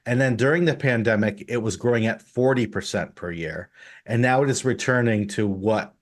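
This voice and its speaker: Animated man hosting a podcast. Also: moderate pace. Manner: animated, rising pitch when incredulous. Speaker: podcast host. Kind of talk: casual podcast chat.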